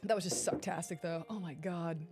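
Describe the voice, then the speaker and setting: A woman streamer chatting casually with her live viewers, excitable, swearing freely, with loud outbursts and frequent laughter. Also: fairly low pitch, brisk, music in the background. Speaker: game streamer.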